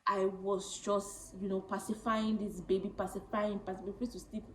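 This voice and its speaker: A woman in her late twenties telling a personal story to camera, chatty and animated, often laughing. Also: mid-range voice, moderate pace, reverberant, noisy background. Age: late 20s. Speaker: vlogger.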